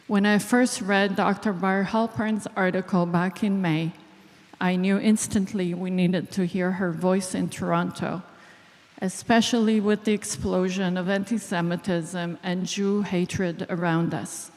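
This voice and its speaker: An Israeli woman, a clinical psychologist, giving a deliberate speech to an audience. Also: on the low side, fairly even intonation, a little mellow. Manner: slow, deliberate, emotional at moments. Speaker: clinical psychologist, event organizer. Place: large hall. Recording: long reverb of a large hall.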